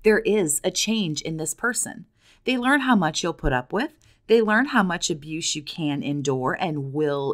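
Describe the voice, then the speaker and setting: A woman's voice: deep voice, a bit bright. A woman speaking as a coach to abuse survivors in a direct monologue, blunt and profane, firing challenging questions at the viewer.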